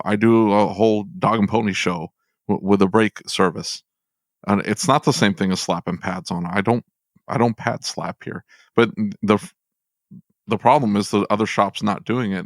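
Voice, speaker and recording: Low-voiced male podcast host, dry sound. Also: no room sound. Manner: candid, laughs often, speeds up when annoyed. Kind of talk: casual podcast conversation.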